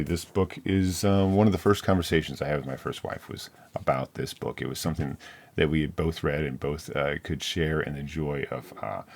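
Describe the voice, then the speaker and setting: A middle-aged man chats about books in a loose, wandering way, full of fillers and restarts. His voice is very deep, with a rough, gravelly fry. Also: a little mellow. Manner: rambling, filler-heavy and self-interrupting. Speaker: book reviewer. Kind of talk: casual book chat.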